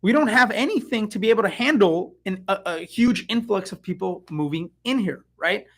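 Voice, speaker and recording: His voice is high-pitched and his pace normal as this middle-aged real estate agent from the San Francisco Bay Area rambles with excitement. It's a casual live stream, heavy on fillers and asides.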